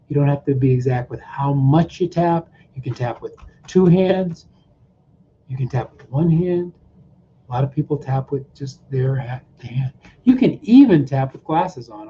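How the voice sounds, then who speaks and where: A man's voice: medium pitch, warm tone. A man coaching viewers through a tapping routine, checking in often with "okay?" and repeating short phrases as he demonstrates, on a dull, slightly noisy recording. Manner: repetitive, coaching with frequent "okay?" check-ins. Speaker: mindset coach. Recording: dull lo-fi sound with faint noise.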